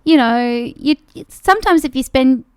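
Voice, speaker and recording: A woman's voice: high-pitched, lively intonation, normal speed, clear, resonant tone, no echo, studio quality. A woman hosting a podcast, effusive and chatty, talking casually with her guest. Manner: warm, effusive, chatty with laughs. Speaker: podcast host. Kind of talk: casual interview chat.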